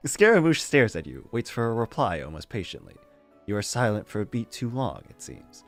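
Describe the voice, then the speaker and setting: A man's voice: lowish voice, huge pitch swings, normal speed, vocal fry, faint music behind. A man streaming, reading fanfiction aloud in a casual way with amused, disbelieving asides and frequent laughter. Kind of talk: casual read-aloud with commentary.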